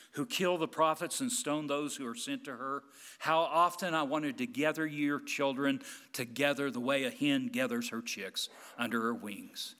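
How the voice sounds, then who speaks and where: A man preaching a sermon in a church, swinging between loud emphatic passages and hushed, quiet ones. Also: medium pitch, moderate pace, in a large hall.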